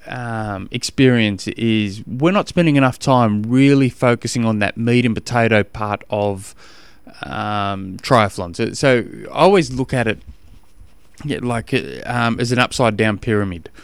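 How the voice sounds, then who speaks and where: A man's voice: mid-range voice, measured pace, clean tone, no echo. A middle-aged Australian man hosting a podcast, chatting in an easygoing, slangy way about training. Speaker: podcast host and triathlon coach. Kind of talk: casual podcast monologue.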